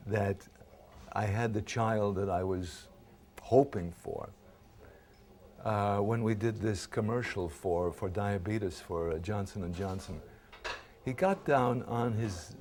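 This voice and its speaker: A man in his eighties, an actor being interviewed, telling stories from his old series in a lively, halting way with many fillers. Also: lowish voice. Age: 80s. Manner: animated storyteller, acts out quoted voices. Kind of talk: reminiscing interview anecdotes.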